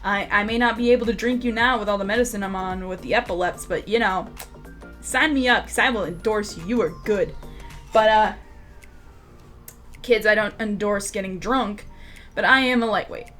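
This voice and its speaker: A woman's voice: mid-range voice, moderate pace, fairly bright tone, soft background music. A young adult woman vlogger telling a rambling, laugh-filled story in casual talk, swearing freely.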